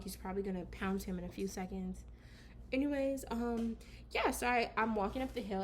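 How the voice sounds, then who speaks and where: Woman vlogging story time, slangy and animated, fairly high voice, faint room hum behind. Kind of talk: casual story time chat.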